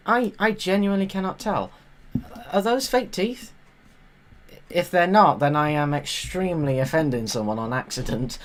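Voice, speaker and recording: A woman giving sarcastic, exasperated commentary as a live streamer reacting to a TV show. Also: normal speed. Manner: sarcastic, exasperated, jumps into loud high exclamations.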